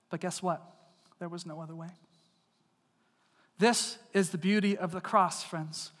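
A man preaches with earnest conviction, pressing his points hard and then dropping to a hush. His voice sits high for a man. It carries a long reverb that fills a large church. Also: steady tone, unhurried, pauses often. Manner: earnest, swings from loud emphasis to hushed intimacy. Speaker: pastor. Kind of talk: sermon. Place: church sanctuary.

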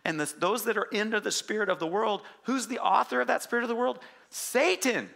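A man preaching a sermon as pastor, swinging between loud urgent passages and quiet, low emphasis. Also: fairly quick, vocal fry, hardly any pauses.

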